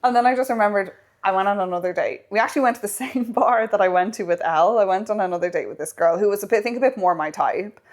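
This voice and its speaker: Animated storytelling woman podcaster. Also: mid-range voice, quick pace, hardly any pauses. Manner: animated, acts out quoted lines, swears casually. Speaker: podcast co-host. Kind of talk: casual storytelling chat.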